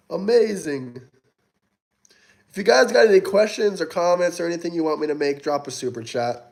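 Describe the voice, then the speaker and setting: A young man with a fairly high, gravelly voice goes through his livestream chat at a moderate pace, answering viewers individually. He keeps a mocking, taunting tone and swears often.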